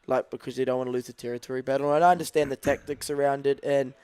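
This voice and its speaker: A man co-hosting a rugby podcast, measured and analytical, talking through tactics at length. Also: mid-range voice, little pitch movement, darkish tone, clear, resonant tone, dry recording. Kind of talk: live watch-along sports podcast chat.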